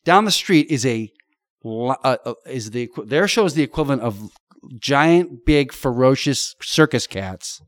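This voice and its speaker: A man's voice: mid-range voice, expressive, moderate pace, no echo. Profane, storytelling middle-aged man, dry sound. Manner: vivid, profane storytelling with colorful comparisons. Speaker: podcast guest. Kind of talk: casual chat.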